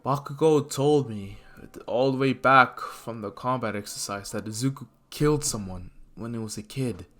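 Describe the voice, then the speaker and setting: A man's voice: medium pitch, normal speed, sharp tone, lightly acted. A man voicing an earnest teenage boy class president, serious and stiff. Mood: troubled.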